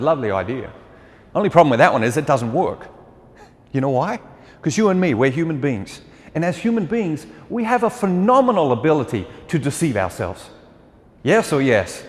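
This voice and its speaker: A man's voice: fairly high pitch, big pitch swings, brisk. A man speaking as a deacon, giving a humorous talk to a live audience, joking and quizzing the listeners and laughing at his own lines. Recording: long hall reverb.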